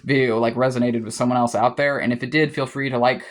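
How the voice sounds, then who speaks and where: A man's voice: mid-range voice, fairly even intonation, fast. A young man vlogging in a casual monologue to camera, heated and profane, rambling with frequent restarts.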